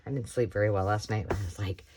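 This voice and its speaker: A middle-aged American woman with a slightly hoarse voice, chatting casually while making a craft project. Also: extremely low pitch, fast, a little mellow, slight background noise. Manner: chatty, rambling, self-talk while working. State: slightly hoarse, frog in throat. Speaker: crafting tutorial host. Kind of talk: casual craft tutorial chat.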